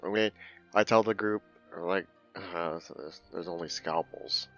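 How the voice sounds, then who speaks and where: A man's voice: sits low, normal speed, a bit bright, soft background music. A man playing a tabletop game, asking questions in a hesitant, casual way. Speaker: player. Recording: dull lo-fi mic.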